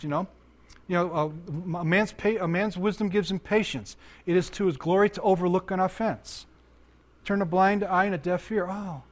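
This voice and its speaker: A male preacher with a high-pitched voice delivers an animated sermon. He reads scripture passages aloud, then breaks off to comment on them and put questions to his congregation. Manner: animated, asks the audience questions. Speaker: pastor and counselor.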